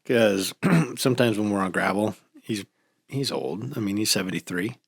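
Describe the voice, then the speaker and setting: A man casually chatting on a podcast, telling stories with lively acted-out quotes. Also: on the low side, normal speed, creaky, husky, no room sound, studio quality. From United States. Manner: animated storytelling, acts out quotes. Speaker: podcast host. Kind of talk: casual chat.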